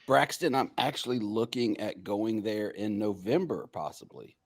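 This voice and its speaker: A man co-hosting a relaxed podcast with a somewhat low voice. He jokes and teases in an easy, conversational way. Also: normal speed, no room sound, studio quality. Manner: joking, teasing. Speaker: podcast co-host. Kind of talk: casual podcast chat.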